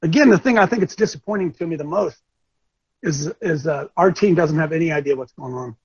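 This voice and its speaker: A man's voice: a little high, fairly quick, husky, dry recording, dull audio. An older man hosting a talk show, delivering impassioned, preachy commentary and often repeating himself. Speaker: show host.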